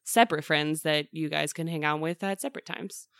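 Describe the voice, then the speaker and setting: A woman's voice: sits low, steady tone, a little fast, vocal fry, fairly bright tone, clean tone, no echo, clean studio sound. A woman hosting a casual chat about a study, talking in a chatty way with many fillers.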